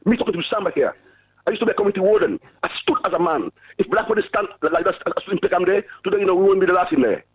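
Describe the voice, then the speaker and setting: African guy calling in, fast and high, husky voice, muffled phone sound. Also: no echo. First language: not English. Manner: forceful, repetitive, stammering. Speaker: caller. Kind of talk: passionate call-in speech. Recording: dull lo-fi phone line.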